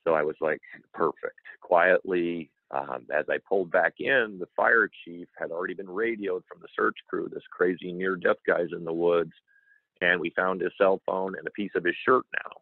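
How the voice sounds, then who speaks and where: Here a man with a low voice and an unhurried, moderate delivery recounts something personal and emotional while being interviewed. He plays out others' quoted words with earnest animation, on a dry, tinny, phone-like recording.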